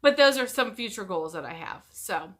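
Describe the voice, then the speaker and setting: A woman's voice: medium pitch, lively intonation, moderate pace, fairly bright tone. A middle-aged woman talking casually to camera, chatty and rambling, often stopping and restarting her sentences. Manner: chatty, rambling, self-interrupting. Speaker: YouTuber.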